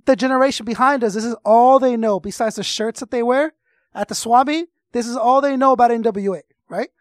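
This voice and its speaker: A man's voice: extremely high pitch, fairly quick, no echo, studio quality. A man co-hosting a casual podcast, ranting with strong opinions and plenty of swearing. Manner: animated, profane, opinionated ranting. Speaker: podcast co-host and music reviewer. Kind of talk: casual chat.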